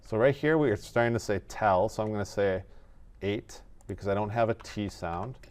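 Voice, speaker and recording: Guy with a lowish voice explaining animation steps one by one, laid back. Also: moderate pace. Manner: methodical, step-by-step, relaxed. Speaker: animation tutor. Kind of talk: screen-recorded software tutorial.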